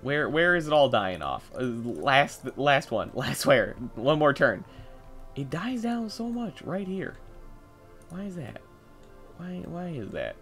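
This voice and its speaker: A young man giving casual gameplay commentary, thinking aloud, getting excitable and swearing as he works. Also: on the high side, takes it slowly, music in the background. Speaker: gameplay video host.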